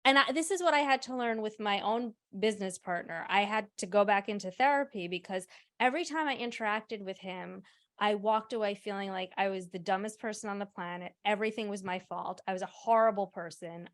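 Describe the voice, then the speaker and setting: A woman's voice: medium pitch, a little fast, dry recording, studio quality. Chatty woman podcast host. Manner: chatty, affirming, tells personal stories. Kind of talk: casual interview chat.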